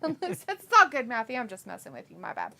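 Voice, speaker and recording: A woman's voice: fairly high pitch, wildly swooping pitch, fairly quick, creaky, pushed and bright. A woman hosting a live watch-along stream, reading chat messages aloud with frequent giggles and teasing replies.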